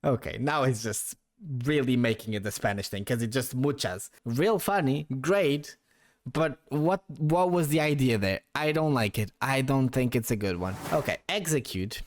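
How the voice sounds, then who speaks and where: Ranking names for his YouTube audience, a young man talks at a normal pace in a medium-pitched voice. He keeps it loose and playful, laughing a lot and swearing now and then.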